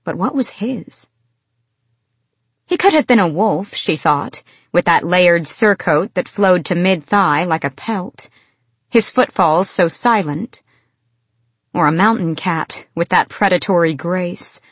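A woman reading fantasy fiction aloud in measured, expressive storytelling. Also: on the low side, slightly rough, no echo. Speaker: audiobook narrator. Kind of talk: scripted fantasy narration.

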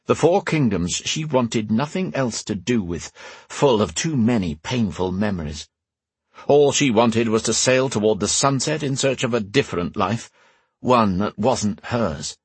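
Man, audiobook narrator, low voice, very raspy, dry close sound, measured fantasy narration. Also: lively intonation, dry recording.

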